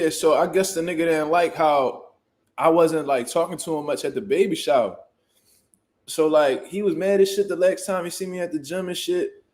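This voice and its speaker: A man, a boxing trainer, telling a story in casual, profane, animated talk and loudly acting out what people said. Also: on the high side. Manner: profane, animated, jumps into loud acted-out quotes.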